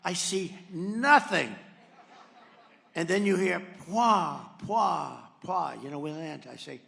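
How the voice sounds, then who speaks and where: Older man with a gravelly, bright voice. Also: high-pitched, animated, unhurried. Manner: rambling, boastful, swings from soft asides to loud punchlines. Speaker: political speaker at a rally. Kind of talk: rally speech storytelling. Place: large rally venue.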